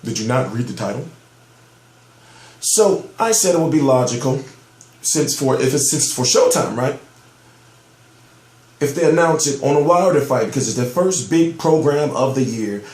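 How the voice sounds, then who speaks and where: A man's voice: medium pitch, expressive, normal speed, darkish tone, echoey room. A man giving heated, profane commentary on boxing news in a ranting vlog, amped up and emphatic. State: amped up on soda.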